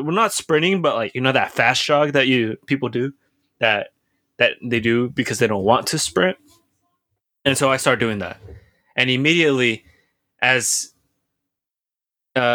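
Bright-voiced young man telling a story. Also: medium pitch, no room sound, clean studio sound. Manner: profane, rambling, lots of restarts and filler words. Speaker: podcast co-host telling a story. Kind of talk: casual storytelling chat.

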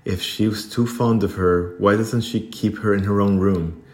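A man with a deep voice voicing a spiteful, scornful schoolgirl in a storybook reading, in an echoey room. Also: fairly even intonation, normal speed, darkish tone, lightly acted. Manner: sneering, mocking.

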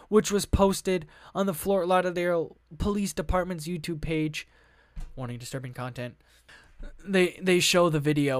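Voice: mid-range voice, moderate pace, smooth, no echo, clean studio sound. A podcast host who reads news articles aloud in a casual way, with many fillers, restarts, offhand asides and frank swearing. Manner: offhand asides between read passages.

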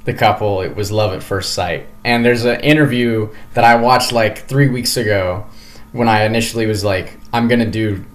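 A man's voice: lowish voice, moderate pace. A man co-hosting a podcast, telling a story in casual chat and rambling through many fillers and restarts. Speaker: podcast co-host.

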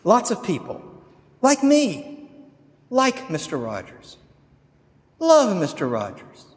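A man's voice: high-pitched, wildly swooping pitch, takes it slowly, big-room sound. A man preaching a sermon, telling a story dramatically. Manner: dramatic storytelling with acted quotes. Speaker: pastor.

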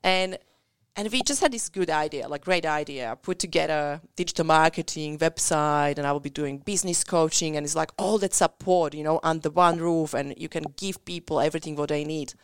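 Central European woman, lowish smooth voice, dry close sound, earnest personal storytelling. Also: brisk, hardly any pauses, no echo. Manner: candid, earnest storytelling in non-native English. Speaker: business coach.

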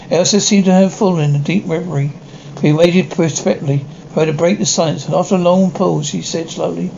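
Brief: male audiobook narrator, gravelly and a touch high, stumbling reading; dull, faintly noisy recording. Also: steady tone, a little mellow. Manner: halting, with frequent restarts. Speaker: audiobook reader. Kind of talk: storybook narration.

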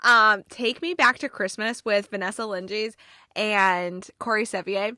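A woman with a bright, crisp voice chats casually about holiday movies. She gushes and gets emotional, scattering fillers as she goes, and her voice sounds dry and close, with no room around it. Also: mid-range voice, a little slow, dry recording. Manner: gushing and emotional, with many fillers. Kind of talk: casual chat.

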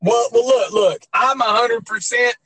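A man's voice: very high-pitched, measured pace, a crowd in the background, rough recording. A man co-hosting a podcast, telling stories in rambling, profane casual chat with lots of fillers. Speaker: podcast co-host.

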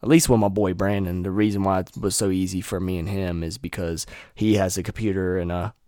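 Low-voiced young man talking casually. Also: steady tone, fairly quick, mellow, dry recording, clean studio sound. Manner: loose, swears a lot. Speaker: vlogger. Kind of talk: casual rambling talk to viewers. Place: home room. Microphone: USB desktop mic.

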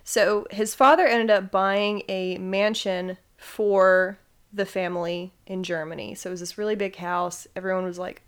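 A woman's voice: mid-range voice, fairly even intonation, measured pace, smooth. Giggly young woman hosting a podcast. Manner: giggly, self-deprecating, stumbles over names. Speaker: podcast host. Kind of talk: casual storytelling chat.

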